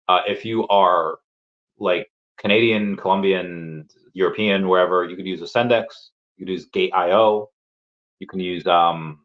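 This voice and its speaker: A man's voice: low-pitched, a bit bright, muffled recording. A man hosting a casual crypto livestream, reading chat comments and rambling with lots of fillers and repeated words.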